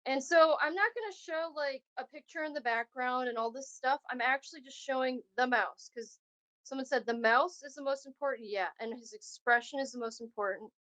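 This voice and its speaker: A woman with a somewhat high voice leads a remote art lesson. She reads lines from a picture book and then asks students encouraging questions about the drawings. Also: fairly quick, fairly bright tone, low-quality recording. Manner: encouraging, questioning students, reading text aloud. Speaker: arts teaching artist. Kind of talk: remote class demonstration, reading a picture book aloud. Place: video call lesson.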